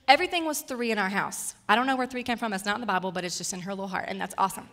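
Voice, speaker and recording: A woman's voice: on the high side, fast, hardly any pauses, bright, forceful tone. A woman in her thirties preaching a personal, story-filled sermon. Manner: personal, storytelling, gets emotional and tearful at times. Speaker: guest speaker.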